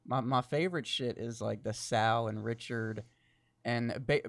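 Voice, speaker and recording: A man co-hosting a podcast in casual chat, rambling from topic to topic, swearing often and laughing a lot, with a deep, crackly morning voice. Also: steady tone, measured pace, no echo. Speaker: podcast co-host.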